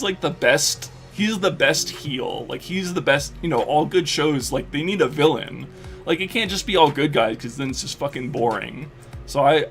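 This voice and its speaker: A male streamer chats loosely while gaming, swearing often and getting worked up as he rambles. His mid-range voice carries a gravelly fry, and faint music plays under it. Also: on the high side. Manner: excitable, profane, filler-heavy rambling. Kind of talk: casual live-stream chat while gaming.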